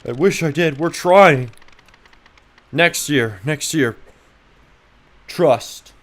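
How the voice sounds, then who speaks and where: Profane joking streamer from Idaho. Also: male voice, on the high side, slow pace, fairly bright tone. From Idaho, USA. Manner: profane, joking banter with chat. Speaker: game developer streamer. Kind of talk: casual livestream chat.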